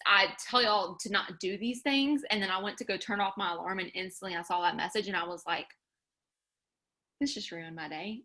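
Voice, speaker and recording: A woman's voice: mid-range voice, bright, forceful tone. A woman giving a candid, earnest faith pep talk to her followers, full of fillers and direct challenges.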